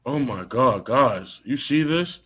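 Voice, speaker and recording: A young man, a college football player, chatting casually on a live stream while playing a game, excitable and talkative. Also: mid-range voice, slow pace, slightly rough. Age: young adult.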